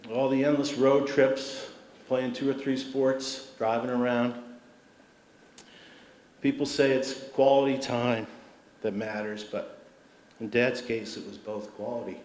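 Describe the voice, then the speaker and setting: A middle-aged man tells anecdotes from the podium at a sports awards dinner, his voice at an ordinary pitch. The sound is roomy, with the echo of a large civic hall. A faint murmur of room noise runs underneath. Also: little pitch movement, slow pace, long pauses. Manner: warm anecdotal storytelling with humor. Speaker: award inductee giving a speech. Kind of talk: storytelling acceptance speech.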